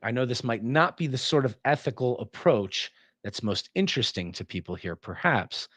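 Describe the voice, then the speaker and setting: A male lecturer talks a class through an idea in a relaxed, engaged way. His voice sits in a middle register, and he slips into exaggerated tones to make his examples vivid. The recording is close and dry. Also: medium pitch, normal speed, no echo. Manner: animated, acts out example tones of voice.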